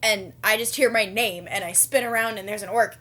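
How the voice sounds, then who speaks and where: A woman with a Southern American accent chatting casually, excitable and laughing often as she retells things. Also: medium pitch, fairly quick. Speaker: larp player, co-interviewee. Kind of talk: casual chat.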